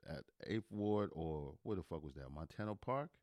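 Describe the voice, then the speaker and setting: A man co-hosting a casual podcast chat, relaxed and quick to laugh. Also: a bass voice, no room sound, studio quality. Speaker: podcast co-host.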